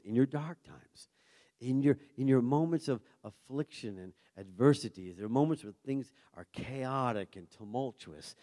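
A man's voice: a little high, big-room sound. A man preaching a sermon as pastor, calling out to the congregation and building in intensity. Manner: preaching with call-and-response and rising intensity.

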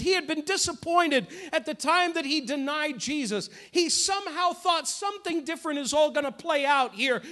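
A man's voice: very high voice, fairly bright tone. A man preaching a sermon as pastor, passionate and repetitive in his delivery.

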